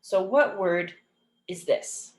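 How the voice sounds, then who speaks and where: A woman teaching an English phonics lesson, saying each example word slowly and repeating it clearly and patiently. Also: medium pitch, darkish tone. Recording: echoey room.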